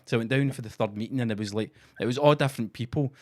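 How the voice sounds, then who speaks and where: Scottish guy on a podcast, sweary, animated, just chatting away. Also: mid-range voice, rapid-fire. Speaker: podcast co-host. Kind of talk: casual chat.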